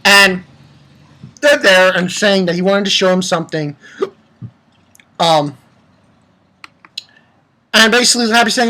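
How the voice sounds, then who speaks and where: A woman reviewing a manga chapter on her channel, talking at an unhurried pace in a bright, forceful voice. She gets worked up, swears freely and mimics the characters as she retells the story. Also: mid-range voice. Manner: excitable, swears freely, acts out the quotes. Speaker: anime reviewer. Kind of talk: casual video review.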